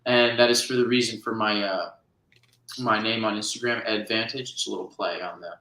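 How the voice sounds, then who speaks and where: Brief: rambling guy from New Jersey, bright tone, echoey room. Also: on the low side, steady tone, brisk. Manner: rambling, full of restarts and fillers. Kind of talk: casual chat.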